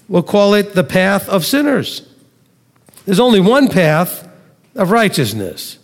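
A man with a high-pitched voice preaches a sermon to a congregation. He presses his points with rhetorical questions and sarcastic asides. His voice rings with the long echo of a large hall. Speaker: Messianic Torah teacher. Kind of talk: sermon to a live and online congregation.

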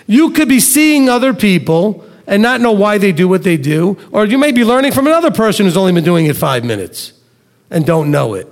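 A man's voice: sits high, sing-song, normal speed, pauses often. A middle-aged man giving a conversational Bible teaching on a live stream, telling homely stories. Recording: long hall reverb.

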